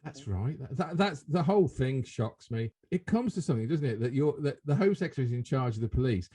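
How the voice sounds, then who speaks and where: A British man in casual conversation, voice mid-pitched and husky. He talks with indignation and keeps asking rhetorical questions. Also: lively intonation, fairly quick, dark tone. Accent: British English. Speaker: podcast co-host. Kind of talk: casual chat.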